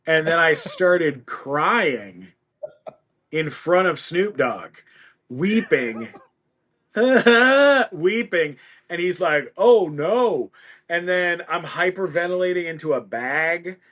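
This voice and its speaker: Animated storytelling man, slightly high voice. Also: slow. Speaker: podcast guest. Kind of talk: casual interview storytelling.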